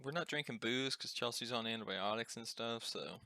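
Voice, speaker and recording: A young man co-hosting a casual podcast, telling a story in a profane, animated way with lots of "like" fillers. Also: medium pitch, normal speed, no room sound. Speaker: podcast co-host.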